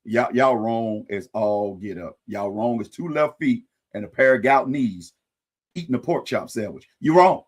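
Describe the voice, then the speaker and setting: A man hosts a live-stream commentary show, chatting casually with viewers in a lowish voice at a measured pace. His delivery is animated, sprinkled with folksy sayings and wry asides.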